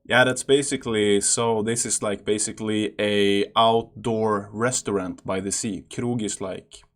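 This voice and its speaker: A man's voice: lowish voice, steady tone, measured pace. A young Swedish man with a Swedish accent, giving loose, chatty reaction commentary with plenty of fillers and restarts. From Sweden. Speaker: reaction channel host.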